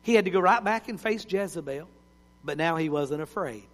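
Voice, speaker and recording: A male preacher, telling stories in a sermon and swinging between loud cries and hushed words. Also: fairly high pitch, expressive, brisk. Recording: long hall reverb.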